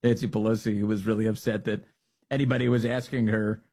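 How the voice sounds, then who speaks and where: A man's voice: on the low side, level tone, fast talker, warm tone. A man hosting a political commentary show, reacting to news clips in a mocking, opinionated way. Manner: mocking, laughs at his own jokes.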